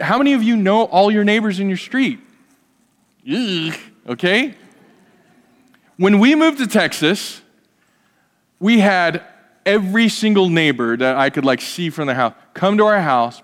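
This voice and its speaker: A man preaching a sermon in a church sanctuary, his fairly high voice ringing through a long hall reverb. He talks to the congregation in a loose, conversational way and drops in humorous asides. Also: a bit bright. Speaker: pastor.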